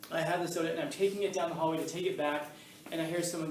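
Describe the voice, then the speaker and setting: A man's voice: fairly high pitch, racing, slight background noise. A man teaching a class on philosophy, telling stories animatedly and acting out voices along the way. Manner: animated storytelling, acts out voices in anecdotes. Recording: echoey room, mic at a distance.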